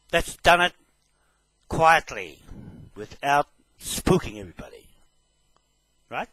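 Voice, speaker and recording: Slow, emphatic New man. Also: on the high side, pushed and bright, dry recording, poor audio. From New Zealand. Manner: slow, emphatic, repeats "okay?" as a check. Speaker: self-proclaimed land claimant making a public statement. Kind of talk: direct address to camera.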